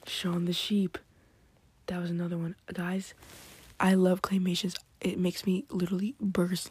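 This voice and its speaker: Woman, very breathy husky voice, mellow dark tone, hushed excitable whispering, late-night chat. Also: lowish voice, measured pace, no echo. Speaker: podcast host.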